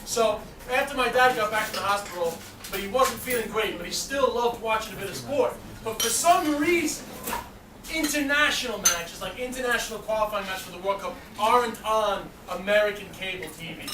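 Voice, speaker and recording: A middle-aged man from New York performing a stand-up comedy routine, telling a story in an animated, swearing style. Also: high voice, brisk, background noise. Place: comedy club stage. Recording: echoey club, distant mic, audience laughter. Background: audience laughter.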